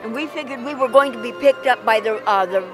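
A woman with a slightly high voice recounts a travel story, pausing and filling gaps as she goes. Clear music plays in the background. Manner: hesitant, many fillers. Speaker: interviewee. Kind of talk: casual storytelling. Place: busy travel expo hall.

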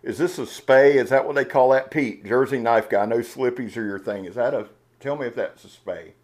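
An excitable man talks through a box of knives in a loose vlog style. He wears his heart on his sleeve, restarting his sentences and rambling as he gets worked up. His voice sits at an ordinary middle pitch. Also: normal speed. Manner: fired-up, earnest, emotional, rambling with restarts. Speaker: knife channel host. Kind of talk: casual unboxing vlog talk.

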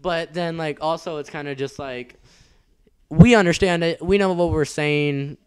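A man's voice: a little high, steady tone, unhurried, smooth. A man co-hosting a casual podcast, rambling with lots of "like" and casual swearing. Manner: rambling, many fillers and restarts, swears casually. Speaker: podcast co-host. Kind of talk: casual chat.

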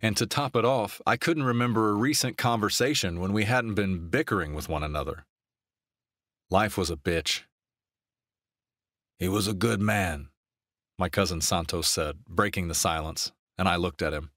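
A man narrating a romance novel in an even, steady storytelling voice on a close mic. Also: low voice, moderate pace, no echo. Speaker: audiobook narrator.

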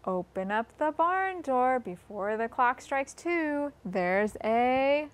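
A woman with a fairly high voice that swoops up and down, leading a children's storytime. She talks very slowly and in a sing-song way, inviting the little ones to join in with the rhyme. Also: expressive. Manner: slow, sing-song, speaks to young children. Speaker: children's librarian.

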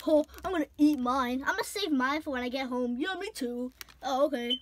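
A woman play-acting a plush-toy scene. She talks in an excitable, exclamatory way and often squeals or bursts into giggles. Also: high-pitched, brisk, hardly any pauses, noisy background. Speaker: toy video creator voicing plush characters.

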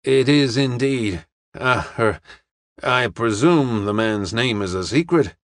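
A man's voice: mid-range voice, expressive, takes it slowly, no room sound, clean studio sound. Man doing a fed-up, blunt traveler. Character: weary, impatient male traveler. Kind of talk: audiobook character reading.

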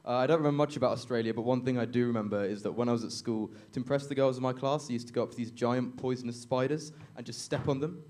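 A man's voice: mid-range voice, fairly even intonation, fast talker, few pauses, darkish tone. A young man doing a stand-up comedy set on a club stage, awkward and self-deprecating, chuckling at his own jokes into a handheld mic.

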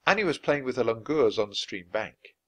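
Male storybook reader, clear and steady, expressive mid-pitched voice with a lot of pitch movement. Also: fairly quick. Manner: clear, steady reading at natural speed for learners. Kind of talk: reading a children's book aloud.

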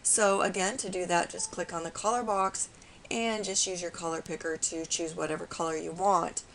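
A woman with a raspy voice today, calmly walking viewers through a step-by-step software tutorial. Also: lowish voice, normal speed, a little hiss or hum, low-quality recording. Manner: calm, explanatory, with frequent fillers.

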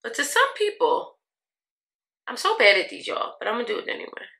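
A woman's voice: on the high side, wildly swooping pitch, fairly quick, creaky, bright, forceful tone. A young woman, chatting sassily to her viewers while getting ready, laughing often. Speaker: beauty vlogger. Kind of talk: casual get-ready-with-me chat. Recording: echoey room.

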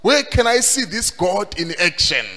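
A man preaching a sermon, emphatic and sing-song, rising at times to shouts. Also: high voice, animated, measured pace. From Zimbabwe. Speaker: pastor. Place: church hall. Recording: long hall reverb.

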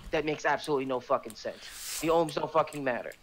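A man's voice: a little high, fast talker, a little hiss or hum. A man chatting casually while gaming with a friend, blunt and opinionated, swearing often. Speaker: co-player.

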